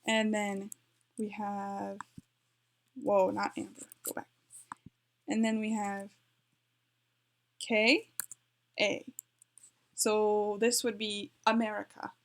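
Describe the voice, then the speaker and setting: Woman, casual home tutorial, chatty, self-correcting, mid-pitched voice. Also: flat delivery, slow pace, pauses often. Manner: chatty, self-correcting, talks while typing. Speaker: language learning vlogger. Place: home, with her dog nearby.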